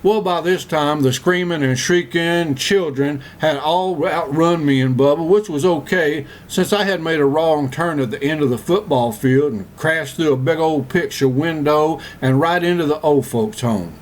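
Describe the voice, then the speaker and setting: Man doing Forrest Gump, slow Southern drawl. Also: fairly high pitch, close to an everyday voice. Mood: earnest. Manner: slow, earnest, rambling drawl. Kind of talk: comedic first-person monologue.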